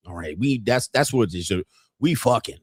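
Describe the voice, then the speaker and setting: This fifties-aged man hosts a livestream, and his commentary is casual, crude, brash and full of jokes. He speaks at a moderate pace in a lowish, breathy-edged voice with lively intonation. The studio sound is clean, with no room sound.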